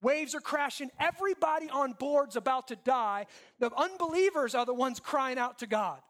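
High-voiced man preaching a sermon. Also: moderate pace. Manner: conversational, asks the crowd questions; animated, swings between loud and hushed. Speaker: pastor.

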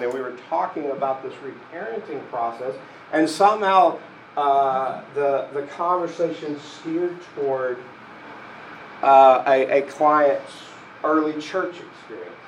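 A man who is a pastor and therapist giving a sermon in a slow, reflective, conversational way, often restarting his sentences. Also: on the high side, slight background noise, low-quality recording.

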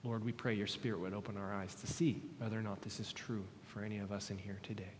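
A man preaching as a pastor, reading scripture and praying in an earnest, measured way with deliberate pauses. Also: lowish voice, level tone, a little hiss or hum. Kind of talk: sermon with scripture reading and prayer. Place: church sanctuary. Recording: long hall reverb in a church.

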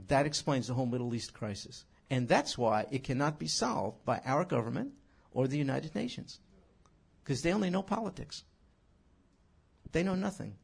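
A man teaching scripture in an animated sermon, emphatic and full of rhetorical questions. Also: medium pitch, creaky, breathy edge. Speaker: Bible teacher.

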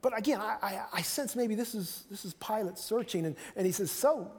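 A male preacher delivers a sermon in a conversational tone, repeating himself for emphasis and slipping into the voices he quotes. His voice sits high for a man. A long reverb rings around him, as in a large hall. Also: a little fast, husky.

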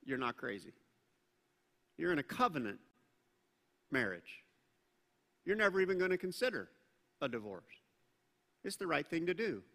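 Male pastor, high bright voice, animated sermon in a reverberant hall. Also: moderate pace, creaky, long pauses. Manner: animated, acts out quoted voices. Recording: long reverb of a large hall.

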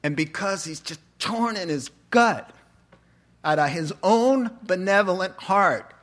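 A man preaching a sermon, telling a story and acting out the characters' lines with animated delivery. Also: high voice, a little slow. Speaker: pastor.

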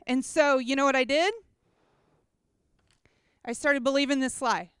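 A woman giving a chatty, animated personal testimony to a gathering, often checking in with listeners. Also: high voice, a little slow, pauses often, no room sound, studio quality. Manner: chatty, animated storytelling with props. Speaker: speaker at a church gathering.

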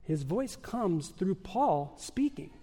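Male pastor, high voice, slow deliberate sermon delivery, big church reverb. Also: very animated, dark tone, slightly rough. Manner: emphatic preaching with dramatic pauses and rhetorical questions.

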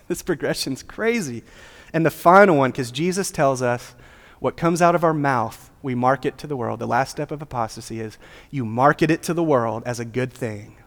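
A man's voice: medium pitch, normal speed. A man preaching a sermon as a pastor, with a casual, joking, conversational delivery. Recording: long hall reverb.

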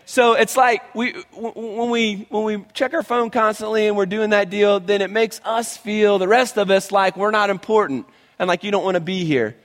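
High-voiced pastor preaching in a reverberant hall. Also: male voice, moderate pace. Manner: animated, conversational preaching with many restarts. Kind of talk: sermon.

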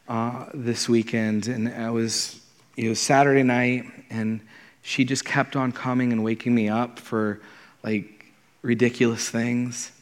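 A man in his thirties preaching from the platform of a church, earnest and conversational, his mid-range voice trailing off into a long reverb. He tells his points plainly and keeps circling back with repeated words as he gathers each thought. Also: medium pitch. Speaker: pastor. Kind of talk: sermon. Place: church sanctuary.

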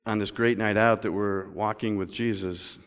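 A man's voice: on the low side, fairly even intonation, clear, resonant tone. Man preaching in a reverberant hall. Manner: swings from loud emphatic passages to quiet, slow reflective reading. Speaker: pastor. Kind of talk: sermon. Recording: long reverb of a large hall.

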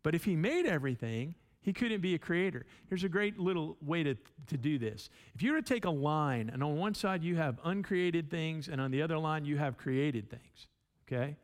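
A pastor teaches a sermon in a conversational way, often repeating words and checking in with his listeners. His voice is on the high side and expressive, at a normal speed.

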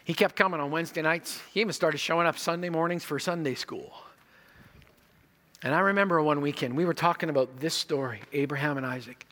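A male pastor preaching a sermon, telling stories and moving between quiet moments and loud emphasis. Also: on the high side, brisk.

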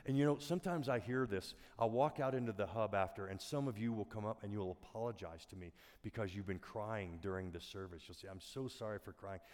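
A middle-aged male pastor delivers an earnest sermon in a fairly low voice, often sinking to near whispers. His words ring out with a long reverb through a church auditorium. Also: fairly quick, few pauses. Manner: earnest, soft-spoken, dips to near whispers.

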